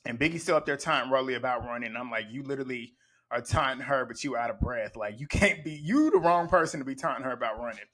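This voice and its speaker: A man's voice: mid-range voice, fast talker, pushed and bright. A man giving blunt, profane play-by-play commentary as he recaps a reality TV show. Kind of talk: casual reaction commentary.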